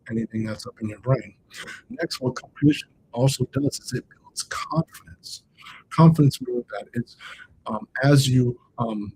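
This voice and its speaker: Man, coach, livestream motivational talk, casual and repetitive, mid-pitched voice, faint rumble behind. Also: darkish tone, rough recording. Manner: conversational, repeats and restates points for emphasis; addresses live chat viewers directly.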